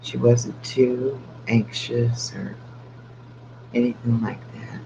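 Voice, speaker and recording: A man's voice: medium pitch, fairly even intonation, slow pace, vocal fry. An older man chatting casually on a late-night live stream with his dog, keeping his voice down so he won't wake the house. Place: home at night. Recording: dull lo-fi with faint hum.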